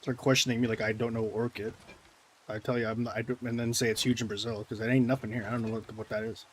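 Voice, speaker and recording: A man's voice: mid-range voice, little pitch movement, fast talker, a little hiss or hum. A man live-streaming a game, chatting casually with viewers in a sarcastic, mock-indignant way. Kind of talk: casual gameplay stream chat, answering viewers.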